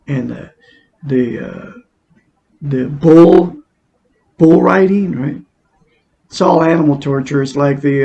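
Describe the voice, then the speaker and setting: A man talks on in a rambling self-help vlog, addressing viewers directly and circling back over his points. His voice is gravelly and husky. It sits a touch high for a man. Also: darkish tone, lo-fi sound. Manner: rambling, repeats himself, talks straight to viewers. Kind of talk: rambling monologue to camera.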